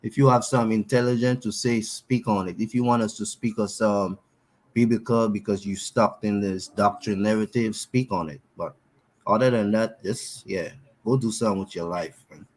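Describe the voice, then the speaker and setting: A man's voice: on the low side, steady tone, moderate pace, a little mellow, low-quality recording. A man on a live online panel, blunt and dismissive, talking in casual street slang. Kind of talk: casual call-in chat.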